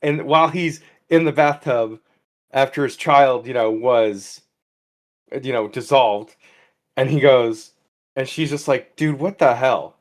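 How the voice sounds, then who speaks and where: Here a man speaks at medium pitch and a measured pace. As co-host of a loose comedy podcast, he wanders through a story in easygoing comic banter, voicing the characters whenever he quotes them.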